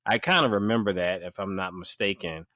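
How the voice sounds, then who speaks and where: A man's voice: sits low, a little fast, pushed and bright, dry recording. A man hosting a casual podcast, talking in a rambling, hesitant way on a close mic. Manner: rambling, hesitant, restarts and trails off. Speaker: podcast host.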